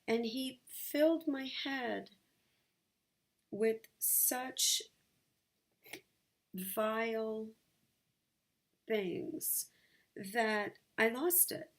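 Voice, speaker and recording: A woman vlogging from her sunlit bedroom, sharing a personal story in a candid, halting way with many fillers. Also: fairly high pitch.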